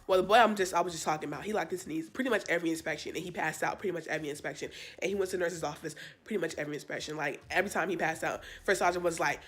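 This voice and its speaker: A young woman casually telling a storytime, chatty and animated, with sassy asides to her viewers. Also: sits low, rapid-fire, few pauses. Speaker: vlogger. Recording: faint background music.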